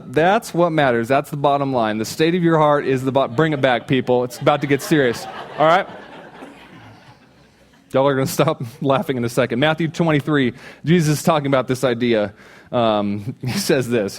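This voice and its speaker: A man in his thirties, a pastor giving a sermon, telling a funny personal story and acting out his own shouts. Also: mid-range voice. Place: church stage.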